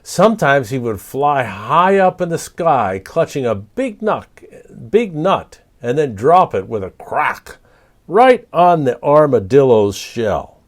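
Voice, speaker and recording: A man reading a picture book aloud to children, speaking gently and pausing to ask the young listeners questions. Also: medium pitch, sing-song. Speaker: storyteller.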